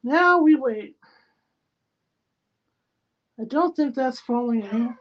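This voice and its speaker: A woman's voice: high voice, animated, slow. Woman muttering through a crafting stream. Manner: mutters to herself while narrating each step. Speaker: livestream host. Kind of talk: casual running commentary while crafting. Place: spare bedroom at home used as a studio. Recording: dull lo-fi sound with faint noise.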